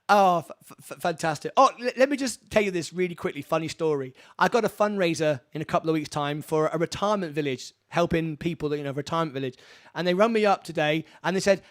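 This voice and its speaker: A man hosting a live-streamed charity fundraiser from his studio, rambling excitedly and laughing often. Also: sits high. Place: home studio.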